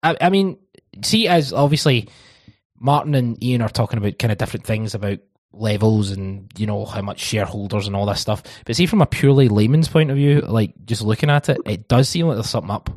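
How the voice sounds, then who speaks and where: A Scottish man hosting a casual football podcast, laughing and swearing through quick banter. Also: on the low side, darkish tone, no room sound. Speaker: podcast host.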